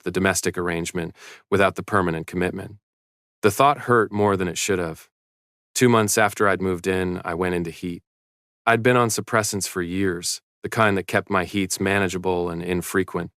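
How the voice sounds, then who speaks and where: A man narrating a first-person story in a steady, even read. His voice is deep and smooth, recorded dry and close. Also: dry recording.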